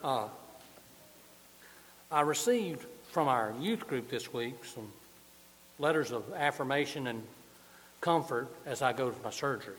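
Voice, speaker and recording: A man's voice: medium pitch, lively intonation, a little slow, long pauses, fairly bright tone, a little hiss or hum. A man preaching a sermon, joking and folksy, moving around as he talks. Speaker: pastor. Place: church sanctuary with balcony. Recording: long church reverb.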